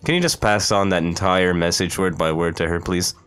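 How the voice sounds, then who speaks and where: A man's voice: deep voice, fairly even intonation, brisk, a bit bright, clean tone. A young man playing a game on stream, joking in crude, playful banter. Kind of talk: let's play commentary. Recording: faint game music behind.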